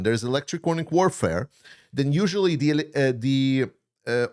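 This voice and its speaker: A man hosting a commentary channel, answering viewer questions in an unscripted stream. He talks bluntly and heatedly, swears often and has slightly non-native grammar. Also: medium pitch.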